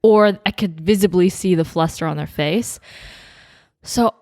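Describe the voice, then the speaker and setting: A young woman with a lowish, slightly mellow voice speaks a little slowly in clean studio audio with no echo. Co-hosting a podcast, she tells the story of her wedding casually, laughing and saying "like" a lot.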